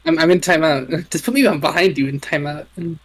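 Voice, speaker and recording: A man's voice: on the high side, brisk, crowd noise. Giggly man on voice chat. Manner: giggly, self-mocking. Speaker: friend on voice chat. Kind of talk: casual chat.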